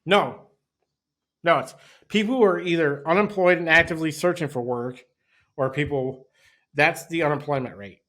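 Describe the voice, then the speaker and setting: A man with a somewhat high voice, speaking sarcastically as a co-host of a casual political podcast. He stops and restarts, with frequent "uh" and "um". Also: normal speed, long pauses, fairly bright tone. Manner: sarcastic, hesitant with fillers.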